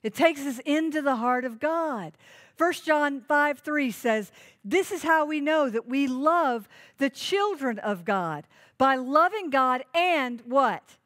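A woman with a high voice preaches a sermon. She is earnest and emphatic, and she keeps asking her listeners pointed rhetorical questions. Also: animated, slow, a bit bright. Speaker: pastor.

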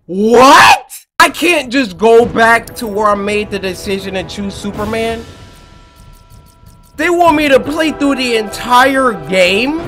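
Man, gameplay commentary, animated, loud, trash-talking, music behind. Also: extremely high pitch, takes it slowly. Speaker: gaming YouTuber.

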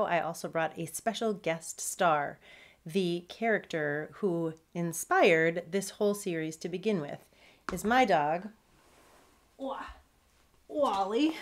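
A woman who is a children's author, reading her chapter book aloud as an expressive storyteller. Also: mid-range voice.

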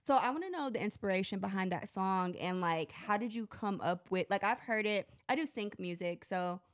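A woman's voice: mid-range voice, lively intonation, normal speed. A woman podcast host with a mid-range voice. She asks questions in a chatty, casual way and uses a lot of slang. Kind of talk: casual interview chat.

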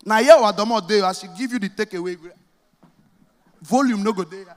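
A man with a Nigerian Pidgin accent doing stand-up comedy, telling stories with animated, shouted cries. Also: sits high, fairly quick, long reverb tail.

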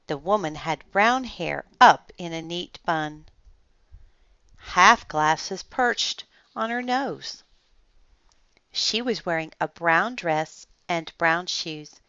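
A woman reading a children's mystery book aloud in a calm, measured way. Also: on the low side, clear, resonant tone, no room sound. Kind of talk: read-aloud storytelling. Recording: slightly muffled dry recording.

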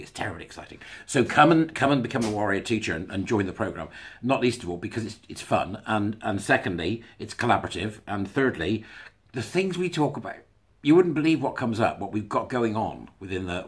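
A man's voice: deep voice, husky. A man talking to camera in a casual commentary monologue, sarcastic and chuckling between remarks. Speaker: video blogger.

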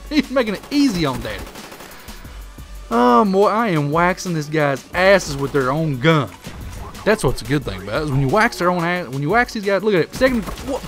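Man, Southern drawl, gameplay commentary, crude trash talk, quick delivery, game music behind. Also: fairly high pitch, sing-song, a bit bright. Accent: Southern US hillbilly drawl. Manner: brash trash-talking hillbilly persona, crude insults at opponents. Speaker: gaming commentator.

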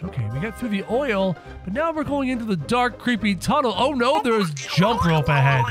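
A man giving let's-play commentary in a high, bouncy voice that leaps up and down in pitch. He cracks sarcastic jokes and exclaims at every obstacle. Faint game music plays in the background. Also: sing-song, brisk, hardly any pauses, fairly bright tone. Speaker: gaming video host.

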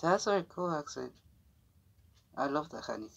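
A young man vlogging in halting, broken English as he shows off a new jacket, rambling with fillers, restarts and giggles. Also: on the high side, sing-song, vocal fry, fairly bright tone, highs cut off. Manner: non-native English with broken grammar. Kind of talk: casual unboxing chat to camera.

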